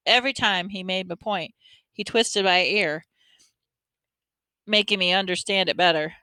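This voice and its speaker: A woman's voice: fairly low pitch, unhurried, pushed and bright, smooth, no echo. A woman reading a story aloud in a plain, conversational first-person telling. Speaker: audiobook reader.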